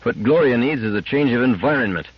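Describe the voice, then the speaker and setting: A stern, stubborn mother speaks in a firm, clipped way, as a man reads her in a storybook reading. The voice is husky with a lively pitch, and the sound is dull and lo-fi. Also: quick pace, dry recording. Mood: grim.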